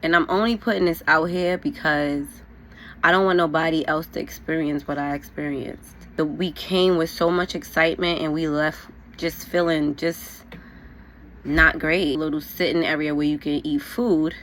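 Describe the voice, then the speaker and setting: A woman's voice: low-pitched, fairly even intonation, moderate pace, fairly bright tone, a little hiss or hum. A young woman, telling a storytime vlog while getting ready, casual and frank, full of "like" and "you know". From New York. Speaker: vlogger.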